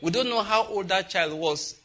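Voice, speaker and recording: A man with a Nigerian accent preaching a sermon, telling scripture stories with sudden animated exclamations. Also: high voice, normal speed.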